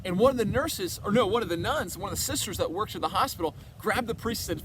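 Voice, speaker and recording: A man's voice: high voice, animated, quick pace, hardly any pauses, background noise. A man giving a casual faith talk at a retreat, telling a story in a rambling, conversational way full of restarts and quoted dialogue. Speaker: retreat speaker.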